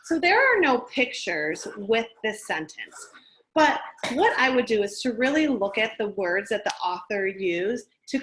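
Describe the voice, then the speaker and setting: A middle-aged woman teacher gently explaining a reading lesson to young children in a recorded remote class. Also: a little high, slight background noise. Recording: echoey room.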